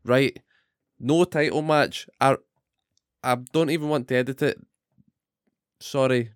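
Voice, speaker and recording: A man's voice: mid-range voice, fairly even intonation, measured pace, clean tone, no room sound, clean studio sound. A man co-hosting a casual wrestling recap podcast, swearing often and ranting animatedly. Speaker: podcast co-host.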